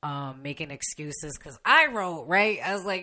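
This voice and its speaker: A woman's voice: deep voice, animated, unhurried, bright, forceful tone. A young woman hosting a podcast, ranting bluntly and casually with lots of swearing and laughs mid-sentence, recorded in a radio station studio. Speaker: podcast host. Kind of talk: unedited casual rant.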